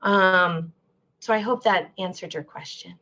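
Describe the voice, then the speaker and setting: A woman's voice: fairly low pitch, a little slow, pushed and bright. A woman guest, a therapist, talking openly and at length in a candid interview, full of fillers and restarts. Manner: open and heartfelt, rambling with many fillers. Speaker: guest, mental health therapist. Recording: dull lo-fi sound.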